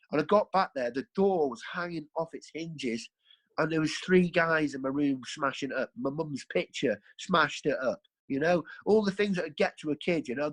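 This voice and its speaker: A man's voice: on the high side, fairly bright tone, poor audio. A man, a podcast guest, telling his life story in a rambling, earthy way, correcting himself as he goes. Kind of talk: candid storytelling.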